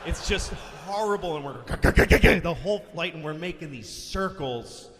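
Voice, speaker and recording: A man telling a stand-up story, animated and profane, often shouting his punchlines. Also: fairly high pitch, unhurried, crowd noise. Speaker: stand-up comedian. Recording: reverberant live venue, faint hiss.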